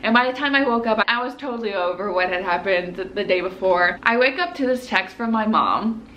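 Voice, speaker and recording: Young woman med student vlogging a storytime, bright voice, says like a lot. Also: medium pitch, brisk, dull audio, a little hiss or hum. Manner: animated and chatty, lots of "like" fillers. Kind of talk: casual storytelling to camera.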